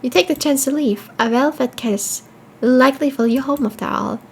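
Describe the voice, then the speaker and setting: High-voiced woman reading a horror game. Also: moderate pace, vocal fry, a little hiss or hum, rough recording. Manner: reads the game text, then reacts with swearing and laughter. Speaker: streamer playing a horror game. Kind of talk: game playthrough, reading text aloud and reacting.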